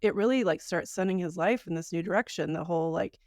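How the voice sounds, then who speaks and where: A woman co-hosting a podcast talks in a low voice with a gravelly edge. She chats casually and reflectively and laughs often. The sound is dry and close. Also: quick pace, a little mellow, no room sound. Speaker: podcast co-host.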